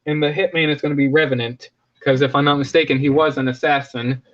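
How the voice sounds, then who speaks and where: A man chats loosely on his live stream, often stopping to correct himself and crack jokes. His voice sits a bit high. The audio is dull and lo-fi. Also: fairly even intonation, fast talker, a bit bright. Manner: rambling, self-correcting, joking. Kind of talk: casual live stream chat.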